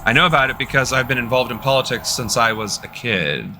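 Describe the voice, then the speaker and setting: A man's voice: medium pitch, fast, pushed and bright, a little hiss or hum. A young man chatting casually with his live-stream audience while playing a game, loose and joking. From United States. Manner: loose, joking, talking to chat. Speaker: political streamer.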